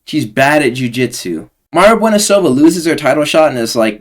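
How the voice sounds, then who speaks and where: A man's voice: on the high side, big pitch swings, fairly quick. A young man hosting casual fight predictions, slangy, rambling and sarcastic. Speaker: host.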